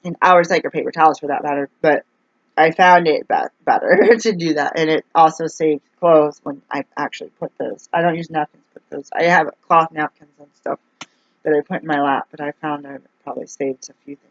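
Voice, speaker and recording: A woman's voice: deep voice, fairly even intonation, brisk, no room sound. A woman ranting in a casual vlog, rambling and exasperated as she complains. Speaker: vlogger. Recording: dull, dry lo-fi recording.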